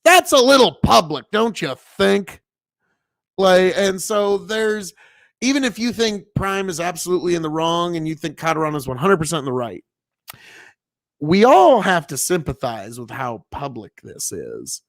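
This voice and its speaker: A man's voice: sits high, sing-song, moderate pace, fairly bright tone, no room sound, clean studio sound. A man from Nebraska, a farmer, talking casually and profanely on a livestream from inside an old family mill, rambling with many fillers. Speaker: farmer streaming commentary.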